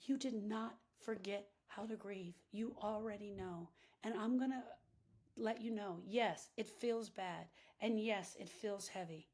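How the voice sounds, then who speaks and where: A middle-aged woman giving an impassioned grief-coaching talk, repeating phrases for emphasis and swinging between hushed and loud lines. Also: mid-range voice, measured pace. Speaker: grief coach and podcast host.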